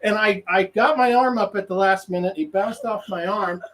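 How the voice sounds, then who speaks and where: A man's voice: high-pitched, moderate pace, slight background noise, poor audio. A man guest on a podcast, telling a rambling story and laughing as he acts out what he said. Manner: animated, laughs through his stories; rambling, many restarts and quoted self-talk. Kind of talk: casual storytelling.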